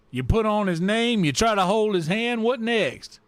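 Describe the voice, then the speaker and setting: A man's voice: high-pitched, expressive, normal speed, dry recording. A man hosting a gaming livestream, greeting and teasing his chat in a playful way and drawing words out in a singsong. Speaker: livestream host. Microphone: desk microphone.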